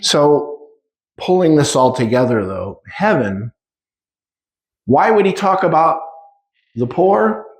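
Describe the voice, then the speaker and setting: A man's voice: a little high, very animated, slow, pauses often. Man in his fifties, roomy echo. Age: 50s. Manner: conversational, acts out dialogue with shifting speed. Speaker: spiritual teacher. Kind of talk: informal spiritual talk. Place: room with live audience.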